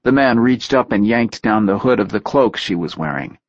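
Husky low-voiced man narrating a story. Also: expressive, normal speed, dry recording, highs cut off. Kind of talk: audiobook narration.

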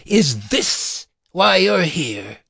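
A man voicing a menacing, taunting male vampire in a story reading, drawn-out and sneering. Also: fairly low pitch, huge pitch swings, fairly bright tone, husky, no echo, studio quality, heavily acted.

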